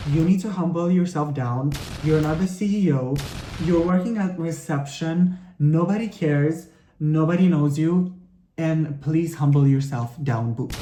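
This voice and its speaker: A man's voice: a little high, dark tone. A young man ranting as a vlogger while he gets ready, sassy, profane and rambling, full of filler "like"s, sounding tired and a bit sick. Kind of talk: get-ready-with-me rant. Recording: echoey room.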